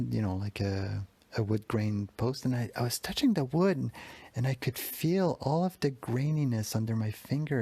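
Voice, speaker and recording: A young man on a podcast, candidly telling personal dream stories in a rambling way, acting out the quoted lines with jumps in pitch. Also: a little mellow, no echo. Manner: rambling, candid, with frequent restarts and fillers. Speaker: podcast host. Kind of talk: casual personal storytelling.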